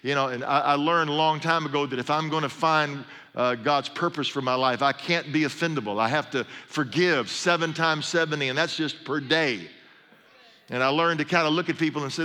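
A middle-aged male pastor preaching, his voice bright and forceful. He tells stories in a loose, conversational way with humorous asides. A long reverb trails each phrase, as in a large hall. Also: on the high side, moderate pace. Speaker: pastor and sports chaplain. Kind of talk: sermon.

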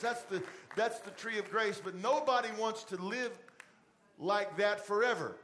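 A middle-aged man preaching a conversational sermon in a church, dropping to a soft fatherly voice for asides. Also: high voice, unhurried, a little hiss or hum. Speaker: pastor. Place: church stage with TV lights.

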